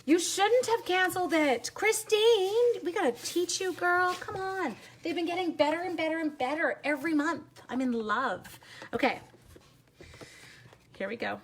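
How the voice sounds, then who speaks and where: A woman hosting a live papercraft tutorial, bubbly and chatty, quick to laugh while she answers viewers. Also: extremely high pitch, slight background noise. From Canada. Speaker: papercraft demonstrator and teacher.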